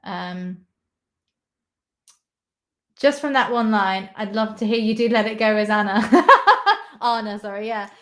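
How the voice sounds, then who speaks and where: A woman's voice: mid-range voice, steady tone, a little slow, pauses often. A young British woman chatting casually on a livestream, reading out viewer comments, rambling and laughing often. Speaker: YouTuber reading live chat.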